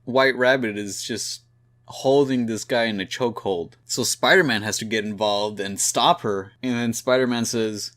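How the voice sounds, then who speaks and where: A man's voice: on the low side, steady tone, normal speed, a bit bright. A man reviewing a comic book in a laid-back, slangy recap that speaks straight to his viewers.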